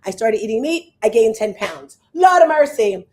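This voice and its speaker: A woman in her fifties hosting a show as a fitness coach, chatting casually and telling animated stories to her viewers. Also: a little high, moderate pace, slight background noise. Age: 50s. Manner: animated storyteller, acts out voices and exclamations.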